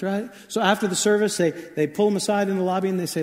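Male pastor, sermon, conversational storyteller, high voice, echoing church hall. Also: fast, few pauses, darkish tone. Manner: conversational storytelling preacher, shifts pace often.

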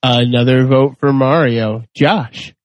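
A man's voice: medium pitch, fairly even intonation, slow pace, muffled recording. A man hosting a casual podcast debate, telling crude, joking stories. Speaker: host.

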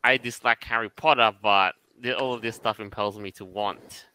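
A man's voice: fairly low pitch, steady tone, moderate pace, bright, forceful tone, smooth, rough recording. A man co-hosting a casual podcast, steering the discussion and asking the others for their views. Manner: leads the topic, shows things on screen. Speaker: podcast co-host. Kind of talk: casual chat.

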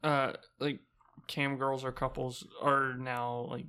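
A woman's voice: a bass voice, flat delivery, slow pace, a bit bright, smooth. A woman co-hosting a casual podcast, often laughing and jumping in. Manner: laughing, interjecting. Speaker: podcast co-host.

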